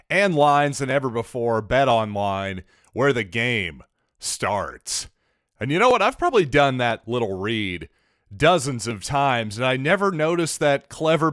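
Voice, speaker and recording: A man hosting a solo sports podcast, talking in an animated, sarcastic way with rambling asides into a close mic. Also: medium pitch, dry recording. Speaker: podcast host.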